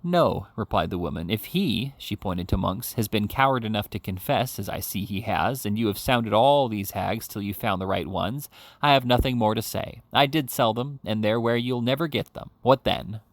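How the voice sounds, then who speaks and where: A man's voice: lowish voice, moderate pace, no echo. A man reading a classic novel aloud as an audiobook reader, giving the characters' lines a livelier delivery than the narration.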